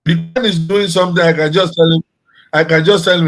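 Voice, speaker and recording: A man's voice: a little high, steady tone, brisk, fairly bright tone, poor audio. A man, a guest and pastor, telling a story in casual discussion, repeating his phrases.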